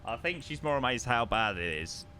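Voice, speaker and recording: A young man chatting casually on a live stream while flying a sim, excitable and self-mocking. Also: mid-range voice, moderate pace, a little hiss or hum.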